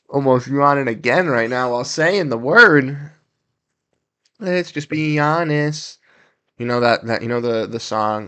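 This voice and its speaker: A young man hosting a casual livestream watch-along, reacting to plays and talking with his chat in quick, excitable bursts. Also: medium pitch. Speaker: livestream host. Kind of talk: casual live game commentary.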